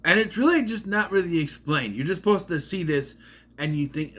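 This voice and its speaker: Here a man reviews a film in a loose, rambling way, full of sarcasm and tripping over names as he goes. He's a movie reviewer with a high, slightly bright voice, animated and brisk.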